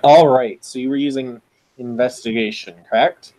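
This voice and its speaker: A man acting as game master in a tabletop game. He talks in a relaxed, chatty way with ums and laughs. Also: medium pitch, moderate pace. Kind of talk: running a tabletop game over voice chat.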